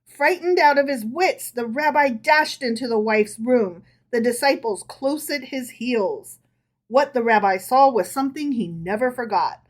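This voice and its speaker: A woman's voice: on the high side, a little slow. A woman podcast co-host reading folk tales aloud to her partner, with casual amused asides.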